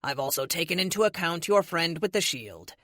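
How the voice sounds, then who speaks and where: A woman voicing a cold, polite male android villain leader in an audiobook, speaking in a slow, smug, measured way. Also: fairly low pitch, lively intonation, fairly bright tone, dry recording, clean studio sound. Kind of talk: audiobook character voice.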